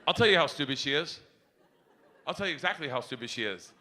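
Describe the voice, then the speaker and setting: A middle-aged man performing a stand-up comedy set on stage, telling rowdy stories loudly with big swings. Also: on the high side, expressive, quick pace. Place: comedy stage before a live audience.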